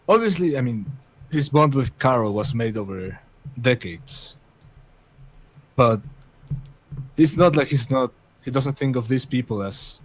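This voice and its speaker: A man's voice: mid-range voice, low-quality recording. A man taking part in a tabletop game, thoughtfully describing his character. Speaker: player.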